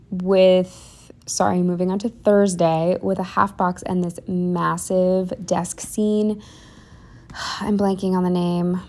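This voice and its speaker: A woman's voice: on the low side, vocal fry, darkish tone. A young woman chatting casually through a planner voiceover, rambling with lots of ums and likes. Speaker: planner vlogger.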